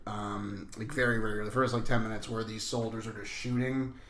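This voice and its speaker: A man on a film podcast, talking casually and haltingly, with many fillers. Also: on the low side, little pitch movement, reverberant, crowd noise. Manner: hesitant, filler-heavy. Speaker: podcast co-host.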